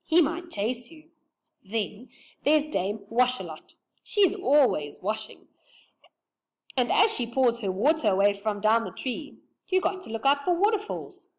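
A woman voicing a small, friendly female fairy in a read-aloud storybook, gentle and chatty as she gives warnings. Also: on the high side, big pitch swings, a little slow.

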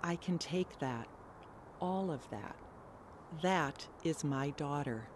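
A shaken, grieving father, as a woman storyteller puts him on, speaking low and quietly with a quiver. The delivery is slow and heavy. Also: expressive, background noise.

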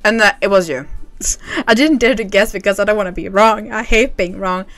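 A woman's voice: mid-range voice, moderate pace, a bit bright, no room sound. A young woman streaming a game, chatting casually and bubbly, greeting viewers by name and laughing often. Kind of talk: casual livestream chat.

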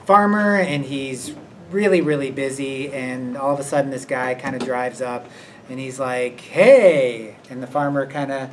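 Man, school staff, casual announcements, rambling, hesitant, distant mic, faint noise. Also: mid-range voice. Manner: rambling and hesitant, many fillers. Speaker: school staff presenting character awards.

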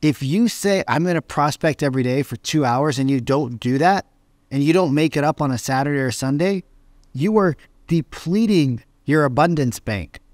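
A man's voice: on the high side, moderate pace, no echo. A man who works as a real estate agent and coach gives a motivational talk, telling a story and acting out the dialogue. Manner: animated, acts out dialogue in changing voices.

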